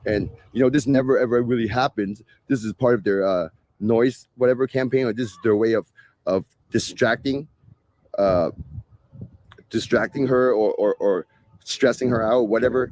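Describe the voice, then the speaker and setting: A man's voice: medium pitch, lively intonation, normal speed, a little mellow. A man hosting a live stream, talking casually to viewers in a sarcastic, exasperated rant. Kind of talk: ranting casual talk to viewers.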